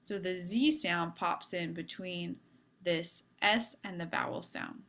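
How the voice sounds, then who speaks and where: A woman's voice: lowish voice, slow pace, vocal fry, fairly bright tone. A woman teacher giving a video lesson on French grammar, upbeat with playful asides.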